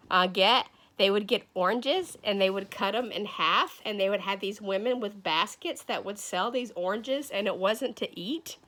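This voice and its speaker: A school coach, a woman, reading a picture book aloud to young children, animated and calling on them by name. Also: medium pitch. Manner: animated, calls children by name, playful asides.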